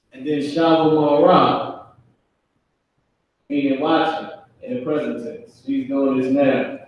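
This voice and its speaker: A man teaching a casual class in a loose, conversational way, acting out family scenes in quick character voices. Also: mid-range voice, fairly even intonation, lo-fi sound. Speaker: Hebrew language teacher. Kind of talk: casual live online class. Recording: very echoey room, voice from a distance.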